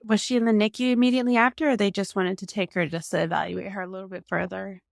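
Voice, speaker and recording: A woman's voice: medium pitch, fairly even intonation, fast, creaky, no room sound, studio quality. A woman hosting a podcast, talking casually and sharing her own experience, with frequent fillers. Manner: chatty, many fillers like "like" and "literally". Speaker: podcast host. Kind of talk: casual conversational interview.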